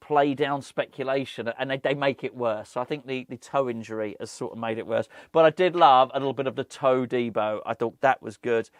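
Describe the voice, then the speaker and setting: A man's voice: medium pitch, fairly bright tone, dry recording, studio quality. A man hosting a football fan channel, rambling in casual chat to camera, laughing often and poking fun at himself.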